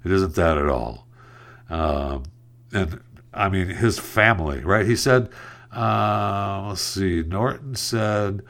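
A sarcastic man hosts a solo news podcast, talking in a very low, deep voice. He rambles from story to story and trips over words as he goes. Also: slow pace, a bit bright. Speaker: podcast host. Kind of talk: casual solo podcast commentary.

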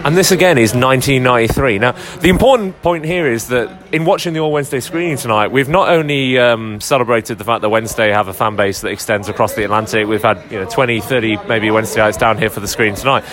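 A man with a middle-pitched voice hosts a casual podcast at a fan event. He talks in a chatty, wry, amused way. He is interviewing people in a busy bar. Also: quick pace, hardly any pauses, fairly bright tone, soft background music. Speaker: podcast host.

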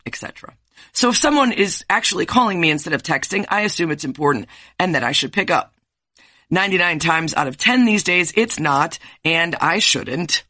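Woman podcast host, bright voice, sarcastic animated ranting, dry close sound. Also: fairly low pitch, brisk, no room sound. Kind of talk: casual interview, then a scripted rant.

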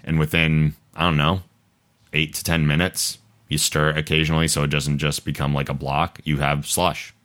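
A man's voice: extremely low pitch, level tone, moderate pace, fairly bright tone. A man hosting a podcast, chatting casually and rambling a bit, laughing often. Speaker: podcast host. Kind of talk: casual chat.

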